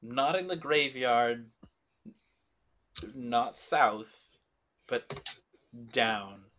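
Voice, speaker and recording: A man narrating a tabletop game as game master, describing scenes in slow, descriptive detail. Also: medium pitch, a bit bright.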